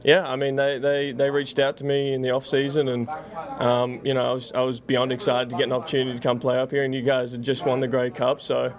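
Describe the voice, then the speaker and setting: A young Australian man speaks as a guest on a sports radio interview, with an Australian accent and a middle pitch. His delivery is flat and halting, full of fillers and restarts. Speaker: football punter, interview guest.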